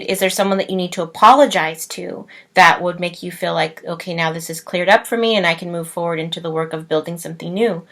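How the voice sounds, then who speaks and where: A woman's voice: on the low side, fairly bright tone. Earnest woman coaching the listener. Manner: earnest, encouraging, addresses the listener directly. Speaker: self-love and relationship coach. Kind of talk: self-help talk with guided meditation.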